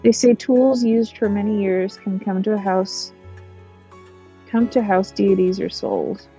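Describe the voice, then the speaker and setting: Woman streamer doing a creepy polite doll maid from a horror game, flat formal monotone, kinda muffled mic. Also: medium pitch, a little slow, faint music behind, close to an everyday voice. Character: polite eerie doll servant, female.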